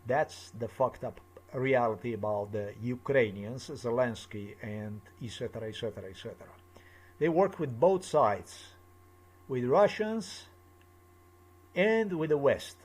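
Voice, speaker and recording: A man's voice: mid-range voice, lively intonation, measured pace, a little mellow. A man delivering an angry personal monologue, swearing often and repeating himself as he rants. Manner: agitated, profane, repetitive ranting. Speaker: vlogger.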